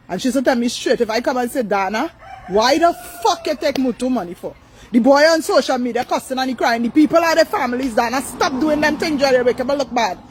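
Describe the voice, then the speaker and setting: A woman's voice: sits high, a little hiss or hum, low-quality recording. An older woman, ranting on a live stream, blunt, profane and repetitive. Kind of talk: angry live-stream rant.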